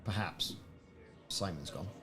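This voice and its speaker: A man's voice: sits low, takes it slowly, a bit bright, soft background music. A man casually commenting on his gameplay, chatting to friends and often repeating words as he goes. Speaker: gaming video host.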